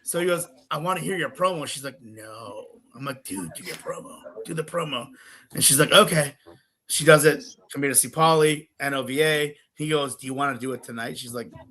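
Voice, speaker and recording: Guy in his 30s telling wild stories, bright voice, a bit high, swears a ton. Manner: animated storyteller, swears a lot, laughs often. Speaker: podcast guest, wrestler. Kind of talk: casual chat.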